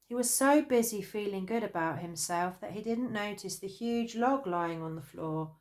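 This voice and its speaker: A woman narrating a children's storybook in an expressive storytelling manner. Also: mid-range voice, normal speed, hardly any pauses.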